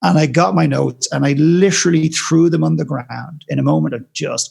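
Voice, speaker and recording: Man, very gravelly voice, passionate storyteller, podcast guest. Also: a little high, steady tone, normal speed, hardly any pauses, darkish tone. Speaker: guest speaker.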